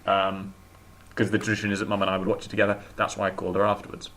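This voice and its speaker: A man's voice: sits low, completely flat delivery, racing, a bit bright, slight background noise. A man co-hosting a casual chat show, opinionated and talkative, often restarting his sentences. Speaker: podcast co-host.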